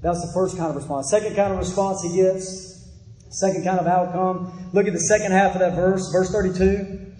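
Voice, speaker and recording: A man's voice: high-pitched, fairly even intonation, normal speed, dark tone. A man preaching a sermon to a congregation, emphatic and repeating his points for weight. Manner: emphatic, repeats phrases, addresses the congregation directly. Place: church hall. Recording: echoey hall with long reverb.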